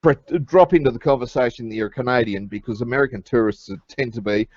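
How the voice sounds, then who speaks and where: An Australian man, a bit drunk and slurring, chatting casually in an online group call with a halting, rambling manner. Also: medium pitch, darkish tone, dry recording, dull audio. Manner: rambling, halting, laughs at own jokes. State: tipsy, slightly slurring.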